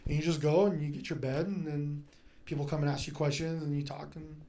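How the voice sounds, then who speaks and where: A man from Fresno telling animated stories in casual podcast chat, swearing freely. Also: fairly high pitch, fairly quick, a little hiss or hum. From Fresno, California. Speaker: guest storyteller.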